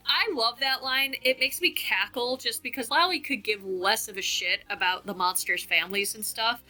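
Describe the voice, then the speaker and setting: A young woman giving a casual, animated video essay analysis and drawing out key words as she talks. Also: a little high, moderate pace, few pauses, faint music behind, poor audio.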